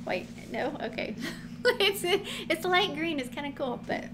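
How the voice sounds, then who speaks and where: Unhurried and chatty, this woman with a high voice teaches the Bible casually to camera, animated and quick to laugh, often performing the quotes she reads. There's noticeable background noise behind her.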